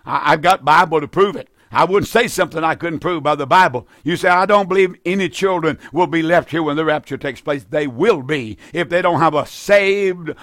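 Older man, urgent evangelistic radio host; fervent and repetitive, pitched a bit high, dry booth sound. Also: a bit bright, no room sound. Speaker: radio preacher and call-in host. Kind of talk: evangelistic radio preaching with call-in.

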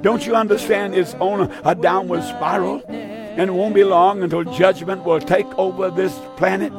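A man's voice: sits high, fairly even intonation, normal speed, music in the background. An older man preaching a fervent sermon with an altar call, pleading with many "uh" fillers and sometimes drifting into song.

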